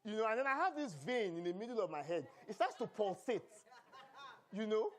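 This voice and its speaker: A Nigerian-accented pastor preaching in church, his voice sitting noticeably high for a man. He moves between reading scripture and joking with the congregation. His delivery is animated and calls for answers from the pews. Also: brisk. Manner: animated preaching with humor and call-and-response. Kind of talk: sermon.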